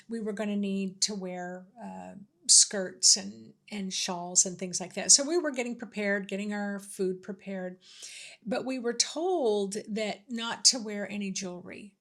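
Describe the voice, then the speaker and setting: Woman, casual storytelling, chatty, filler-heavy, mid pitch. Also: a bit bright. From Washington State, US. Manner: chatty, many fillers and restarts. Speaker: host sharing spiritual stories.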